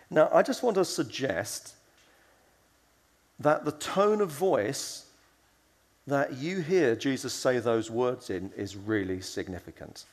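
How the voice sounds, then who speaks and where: A man speaks at a conference in a medium-pitched, expressive voice, moving slowly with long pauses, and the sound carries like a big room. His sermon feels conversational, full of fillers and restarts, as he tells stories and acts out the voices he quotes.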